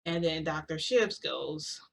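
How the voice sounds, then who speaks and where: A woman vlogger telling a casual story, rambling and excitable, often correcting herself. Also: sits low, slow, creaky.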